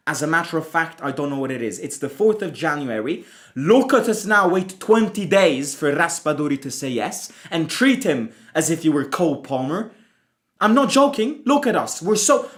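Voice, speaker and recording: A man's voice: on the high side, a bit bright. A man hosting a fan channel, ranting angrily and swearing as he reacts to a football loss, often repeating himself. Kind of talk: angry football reaction rant.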